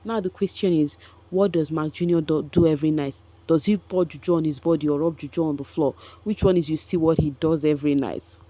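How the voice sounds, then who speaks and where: A woman's voice: sits low, steady tone, fairly quick, dark tone, no room sound. A woman, gossiping chattily about a reality show for her vlog viewers, with frequent asides to them. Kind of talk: casual commentary vlog.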